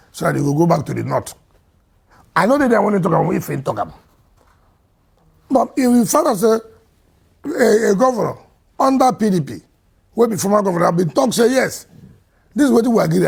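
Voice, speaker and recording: A man with a Nigerian accent, a state governor answering interview questions emphatically, swinging between loud and quiet. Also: high voice, creaky, slightly rough.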